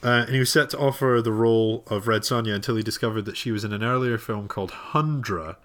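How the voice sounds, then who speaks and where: A man's voice: fairly low pitch, quick pace. A man co-hosting a casual podcast chat about films, with dry, teasing banter. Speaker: podcast co-host.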